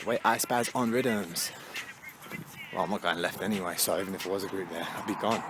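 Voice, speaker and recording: A man's voice: sits low, fairly quick. A young man, chatting casually while he walks and vlogs outdoors, swearing and laughing often. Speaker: vlogger. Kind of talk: casual walking vlog. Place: outdoors on busy town streets. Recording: faint street noise behind.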